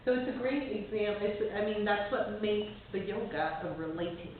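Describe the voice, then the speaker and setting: A woman's voice: mid-range voice, normal speed. A woman breathwork teacher in a casual group talk, laughing often and quoting conversations. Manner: warm-hearted, laughs often, quotes conversations. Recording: tinny, echoey, from far off with faint hiss.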